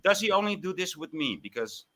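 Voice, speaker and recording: A man in a heated live audio room argument, talking in halting, stammering bursts and mocking the others. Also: sits high, sing-song, crowd noise. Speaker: panel participant.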